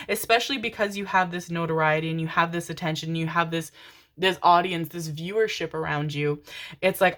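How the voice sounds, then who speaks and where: A low-pitched woman gives a casual tarot reading and calls her listeners "my darlings." She swears freely, repeats herself for emphasis and laughs often as she talks. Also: fairly quick, fairly bright tone. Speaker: tarot reader. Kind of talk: pick-a-card tarot reading.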